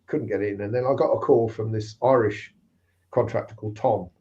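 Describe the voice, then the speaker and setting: Speaking briskly in a lowish, dark voice with fairly even intonation, a man shares work stories in casual conversation as a recruitment guest, voicing the people he quotes. The lo-fi recording is slightly dull.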